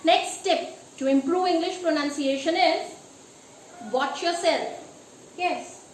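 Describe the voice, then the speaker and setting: Woman, high-pitched, pronunciation teacher, emphatic instructional delivery, roomy echo. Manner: deliberate, emphatic, rhetorical "Yes?" checks. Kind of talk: instructional lesson. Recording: echoey room with faint ambient noise.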